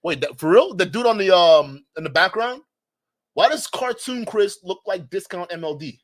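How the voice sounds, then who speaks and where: A man's voice: high-pitched, lively intonation, normal speed. A man hosting a casual livestream, reading super chats, rambling and joking with frequent laughs. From Nigeria. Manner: joking, rambling, laughs often, shouts out viewers. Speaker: livestream commentator.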